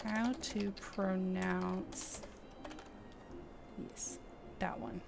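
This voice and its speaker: Chatty woman streamer, slow talker. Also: medium pitch, steady tone, gravelly, music in the background. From Texas. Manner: chatty, self-mocking, laughs often. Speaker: game streamer. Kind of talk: casual chat while playing.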